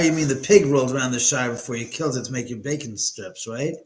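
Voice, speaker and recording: A man with a medium-pitched voice talks fast and casually into a computer mic from his own house, and the recording is rough. As a livestream host, he chats with viewers, reading their comments aloud and answering them as he goes.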